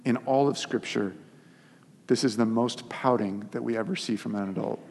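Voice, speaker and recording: A husky-voiced man preaches a sermon, retelling the story with lively, conversational touches. His voice sits at an ordinary middle pitch. A long hall reverb follows each phrase. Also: normal speed. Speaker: pastor.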